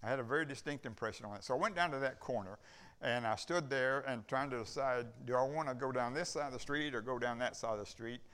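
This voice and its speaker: During a church service, an older visiting preacher talks fast in a medium-pitched, slightly bright voice. He delivers a rambling, folksy sermon story, performing the dialogue himself.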